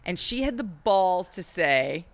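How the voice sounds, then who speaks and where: A woman's voice: fairly low pitch, unhurried, no echo. A woman in her forties, a comedian guest chatting casually and acting out the people in her stories. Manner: animated storyteller acting out quotes. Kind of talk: casual chat.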